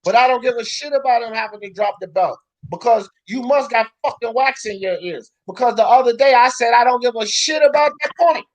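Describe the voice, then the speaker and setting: A woman talk-show host tears into a boxing rant, swearing freely and raising her voice to a shout again and again. Her pitch sits a little high for a woman. She speaks with heated, relentless conviction. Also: brisk, hardly any pauses. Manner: loud, profane, ranting, often shouting.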